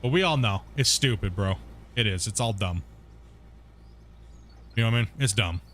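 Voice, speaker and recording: A man's voice: fairly low pitch, moderate pace, a bit bright, a little hiss or hum. A man streaming a game, chatting casually in a rambling, blunt way and swearing when annoyed. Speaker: gaming streamer. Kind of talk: casual chat.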